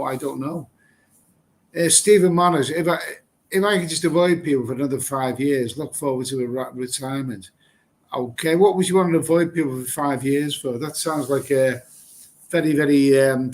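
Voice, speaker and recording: A middle-aged man from England runs a casual live stream and reads out viewer comments. He answers them bluntly, rambles and repeats himself, and swears without a second thought. His voice sits a little high for a man. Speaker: livestream host reading viewer comments. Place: Thailand.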